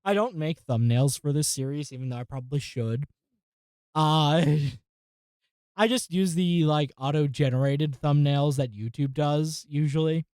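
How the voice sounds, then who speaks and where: A woman hosting a casual tech vlog, talking through a software install and muttering to herself in exasperation, with frequent swearing. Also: sits low, a little slow, clean tone, no room sound, clean studio sound. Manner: addresses viewers as folks and guys. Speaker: tech channel host.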